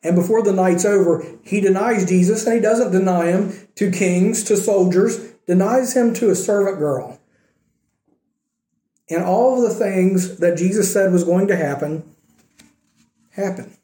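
A man's voice: high voice, unhurried, mellow. Conversational preaching man, echoey room. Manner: conversational preaching, acting out quoted lines. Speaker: pastor. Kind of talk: sermon.

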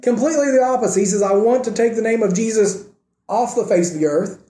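A man preaching a sermon with earnest emphasis, swinging between raised emphatic points and quiet, soft asides. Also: high-pitched, fast talker, roomy sound. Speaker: pastor.

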